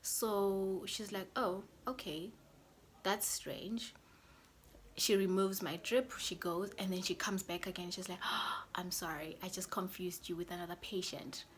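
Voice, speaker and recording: A young woman vlogger telling a personal story in a chatty way, often dropping to a soft whisper. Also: on the low side, fairly even intonation, unhurried, slight background noise. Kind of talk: casual storytelling to camera.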